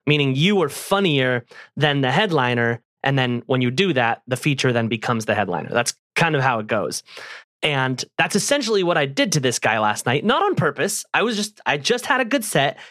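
A man who does stand-up, telling a story in casual chat with friends, animated and swearing freely, often laughing. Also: medium pitch, dry recording, clean studio sound. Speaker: stand-up comedian and podcast cast member.

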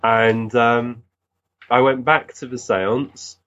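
A man, a guest recounting experiences in an animated, earnest way with many restarts. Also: medium pitch, slow pace, clear, resonant tone, lo-fi sound. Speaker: guest, physical medium. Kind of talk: storytelling in conversation.

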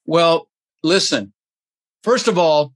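In a dry recording, a real estate investor talks as a podcast guest, slowly, in a fairly high, slightly bright voice. The interview talk is energetic, emphatic and motivational, delivered bluntly and with a bit of profanity.

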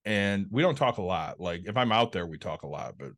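A man's voice: low-pitched, expressive, a little fast, a bit bright. A man co-hosting a podcast in casual chat, telling blunt stories and swearing freely. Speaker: podcast co-host.

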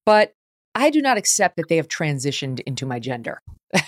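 A woman's voice: sits low, sing-song, fairly quick, no echo, studio quality. A woman hosting an opinionated talk show, talking animatedly over her guests and laughing often. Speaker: host.

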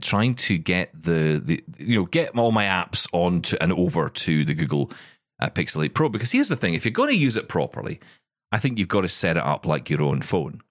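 A man co-hosting a casual tech chat podcast, jokey and animated, often restarting his sentences. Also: deep voice, fairly quick, no room sound, studio quality.

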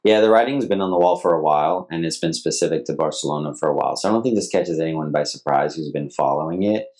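A man, a soccer coach and podcast co-host, giving measured, analytical takes in a casual sports chat. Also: a bass voice, darkish tone.

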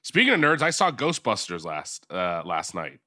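A man co-hosting a podcast, getting over a cold, talking in a cranky, halting, jokey way. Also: deep voice, sing-song, sharp tone, no echo, studio quality. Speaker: podcast co-host. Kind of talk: casual chat.

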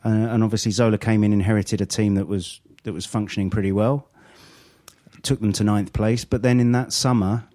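Author, deep and warm-toned, calm factual recounting. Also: male voice, fairly quick. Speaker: author of a club history book. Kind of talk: casual chat about football.

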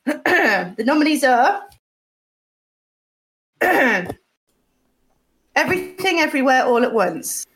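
Deadpan woman with slightly raised pitch. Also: slow pace, pauses often, a little hiss or hum, low-quality recording. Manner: deadpan, sweary, laughing. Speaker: podcast co-host. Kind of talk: mock award presenting, casual chat.

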